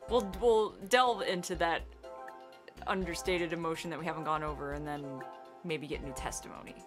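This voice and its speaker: A woman from the northern United States co-hosting a game stream, talking casually with quick, profane bursts and frequent laughter. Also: sits low, fairly even intonation, over music. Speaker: let's play streamer, co-host.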